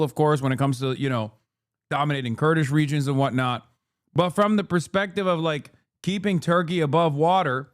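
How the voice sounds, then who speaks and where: A man hosting a stream, giving blunt, profane political commentary in casual chat. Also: on the high side. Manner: blunt, profane, opinionated, with fillers like "like" and "okay?". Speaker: streamer host.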